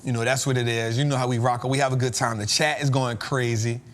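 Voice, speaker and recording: A man's voice: mid-range voice, steady tone, quick pace, background noise. A man hosting a trading show, telling a story in a casual, slangy way and laughing often.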